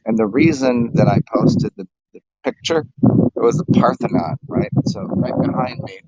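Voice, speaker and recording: A man's voice: mid-range voice, moderate pace, warm tone, husky, dry recording, dull audio. A man chatting casually to his viewers on a phone livestream outdoors, rambling with many fillers and restarts. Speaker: vlogger. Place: outdoors, in a windy city park.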